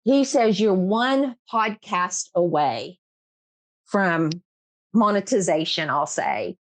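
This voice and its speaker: A middle-aged woman, the host of her own podcast, speaks slowly in an expressive, medium-pitched voice. It's an emotional interview conversation, and she is earnest and emphatic, frequently laughing and repeating herself for stress.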